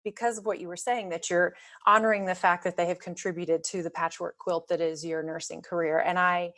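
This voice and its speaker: A woman interviewing a fellow podcaster, speaking in a reflective, measured conversational way. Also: fairly low pitch, little pitch movement, a bit bright, dry recording.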